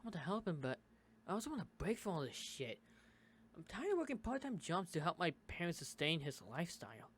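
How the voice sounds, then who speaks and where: A gaming YouTuber from the United States reading a visual novel aloud, switching character voices and breaking in with quick asides. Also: mid-range voice, sing-song, a little hiss or hum.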